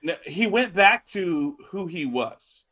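Man, fairly high voice, co-host, rambling casual wrestling talk, animated. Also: slow pace. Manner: rambling, animated, frequent restarts. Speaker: podcast co-host.

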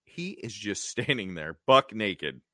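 Animated, bright-voiced male podcast host. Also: fairly low pitch, takes it slowly, dry recording, studio quality. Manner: animated recapping with acted quotes. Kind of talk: casual chat.

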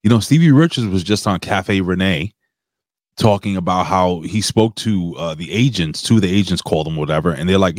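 Deep-voiced blunt male podcast co-host. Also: brisk, no room sound, studio quality. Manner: blunt, profane, rambling. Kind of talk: casual chat.

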